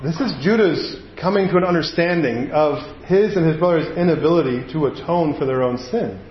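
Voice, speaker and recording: A man's voice: fairly high pitch, a little fast, a little hiss or hum. A man preaching a sermon in a conversational way, often checking in with "right?". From United States. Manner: conversational, frequent "right?" asides. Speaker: pastor. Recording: roomy, dull audio.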